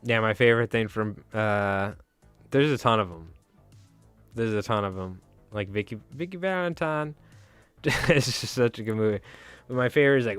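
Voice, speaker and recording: A man's voice: medium pitch, unhurried, fairly bright tone, clean tone, no echo, soft background music. A man hosting a casual fly-tying livestream, rambling and joking with some swearing.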